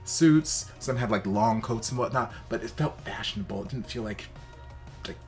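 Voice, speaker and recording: A man hosting a reaction video in casual, campy commentary, leaping into high exaggerated exclamations. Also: steady tone, fairly quick, soft background music.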